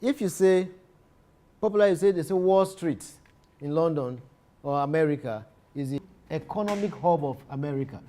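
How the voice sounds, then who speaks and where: A man lectures on literature in a slightly high voice. He repeats each key phrase and often breaks off to restart a sentence. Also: moderate pace, dark tone. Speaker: literature teacher.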